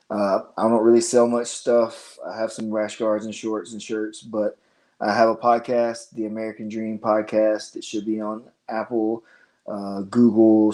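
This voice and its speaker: A man's voice: fairly low pitch, a little mellow, rough recording. A man speaking as a guest on a casual podcast, earnest and easygoing. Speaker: guest, gym owner.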